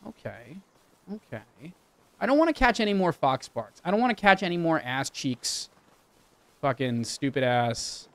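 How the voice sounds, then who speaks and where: A man's voice: a little high, sing-song, normal speed, a bit bright. A young man chatting casually and swearing while he streams a game and talks to his chat. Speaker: livestreamer. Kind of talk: casual live game commentary.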